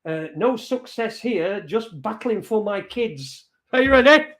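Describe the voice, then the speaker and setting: A man's voice: high voice, lively intonation, unhurried, hardly any pauses, a bit bright. A man hosting an online show, swearing and mocking as he reads out messages. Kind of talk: casual live-stream rant.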